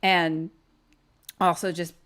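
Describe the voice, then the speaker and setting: A woman's voice: lowish voice, slow. A woman podcast host casually retelling a horror film for a live audience, swearing freely and acting out scenes. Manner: animated, profane, acts out the scenes.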